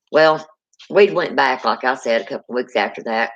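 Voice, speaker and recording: A woman's voice: rumbling low, brisk. Woman, folksy rambling storyteller, casual chat, muffled lo-fi audio. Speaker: guest telling ghost stories.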